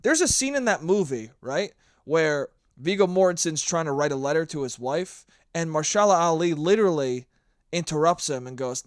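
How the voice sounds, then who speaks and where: A young man hosts a solo podcast in a slightly high, expressive voice at a moderate pace, recorded cleanly in a studio with no room sound. His comedic rant is sarcastic and heavy on swearing, and he acts out mocking voices.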